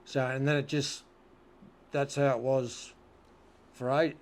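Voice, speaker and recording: A man's voice: medium pitch, little pitch movement, takes it slowly. A man with an Australian accent telling rodeo stories as an interview guest, laid-back, swearing freely and often asking "you know what I mean". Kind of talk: casual storytelling.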